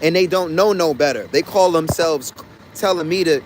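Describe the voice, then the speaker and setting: A man with a somewhat high-pitched voice speaks in a casual livestream. He rants bluntly to his chat, swearing freely and hammering his points through repetition. He talks from a car or the street in a city. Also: moderate pace, slight background noise. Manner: blunt, profane, repetitive and emphatic. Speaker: livestreaming traveler talking to chat.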